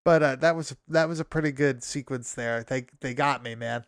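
Young guy, smooth clear voice, loose profane movie-recap chatter, dry close mic. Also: medium pitch, normal speed, no echo. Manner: profane, laughing, rambling recap full of fillers. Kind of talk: casual movie recap chat.

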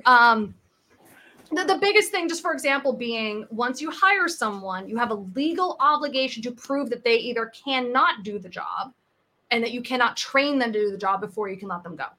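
Here a woman in her thirties from the US, who works as a sales coach, recounts stories in an interview-style podcast chat. Her pitch is fairly high and her delivery moves at a moderate speed, and she animatedly voices the characters she quotes.

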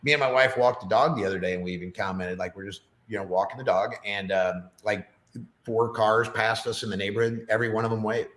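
A man's voice: fairly low pitch, fairly even intonation, quick pace, fairly bright tone, roomy sound. A middle-aged man, a podcast guest, chatting casually and telling stories with lots of fillers. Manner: chatty storyteller with many fillers. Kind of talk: casual chat.

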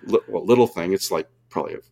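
A man's voice: low voice, very fast, vocal fry, a little mellow. A man from California telling a diving story in casual chat, rambling with many fillers and laughing often. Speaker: guest diver.

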